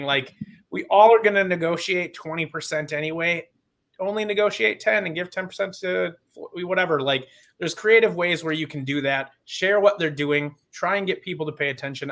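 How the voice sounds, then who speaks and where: A man's voice: on the high side, a bit bright. A man on a podcast as a guest, talking in an impassioned, rambling and sarcastic way. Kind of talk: casual podcast chat.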